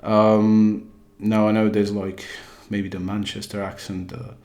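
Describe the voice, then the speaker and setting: A man's voice: lowish voice, little pitch movement, unhurried, darkish tone. A man doing a put-on British accent, giving a rambling opinion monologue about a game, full of fillers and restarts. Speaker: gaming video creator.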